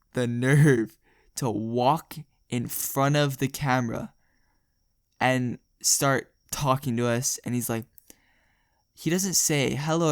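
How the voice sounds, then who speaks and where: A man's voice: medium pitch, smooth, no room sound, clean studio sound. A young man telling a rambling, jokey story for a vlog, laughing often. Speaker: storytime vlogger. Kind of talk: casual storytelling.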